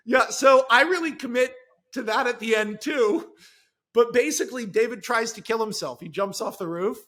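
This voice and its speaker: High, bright-voiced man telling a story. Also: normal speed. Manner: animated, rambling storytelling with many asides. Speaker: screenwriter guest. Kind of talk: casual podcast chat.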